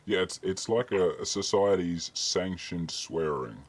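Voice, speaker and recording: A very deep, husky-voiced man from Australia hosts a casual chat. He is easygoing, laughs a lot and lets swear words slip out freely. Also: a little slow, no room sound. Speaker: host.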